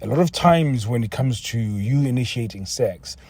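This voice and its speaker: A man with a dark, husky voice talks through a solo podcast episode. His delivery is frank and meandering, full of restarts and half-finished phrases, with a blunt edge. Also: mid-range voice, expressive, normal speed, no echo. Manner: frank, rambling, with frequent restarts and casual swearing. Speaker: podcast host.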